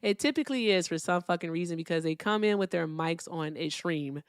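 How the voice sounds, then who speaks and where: Lady streamer, lowish smooth voice, cusses a lot, chill and wry, dry close mic. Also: brisk, no echo. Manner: profane, wry, reads out donor messages; speaks softly, not loudly. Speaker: livestream political debate host. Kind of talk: casual livestream chat.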